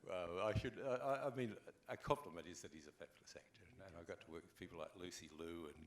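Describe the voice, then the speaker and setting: Speaking fast in a low voice, an older man with an Australian accent swaps wry anecdotes as an actor on a convention panel, animatedly acting them out in relaxed storytelling. A little hiss or hum is audible.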